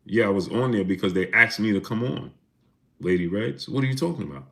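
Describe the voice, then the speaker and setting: Deep gravelly man hosting a livestream. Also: fairly quick. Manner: shouts out viewers by name, defensive and talkative. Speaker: boxing livestream host. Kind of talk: casual livestream chat reading super chats.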